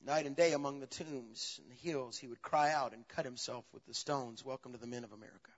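A man preaching a sermon as pastor, swinging between loud, animated passages and low, quiet asides. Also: a little fast. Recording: dull, long reverb of a large hall.

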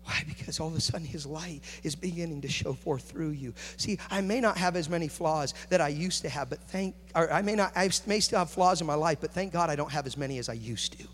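A man preaching a sermon, moving between quiet, confiding talk and loud, rising passion. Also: fairly high pitch, fairly quick, few pauses. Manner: builds from hushed to shouting intensity. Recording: echoey hall with faint hum.

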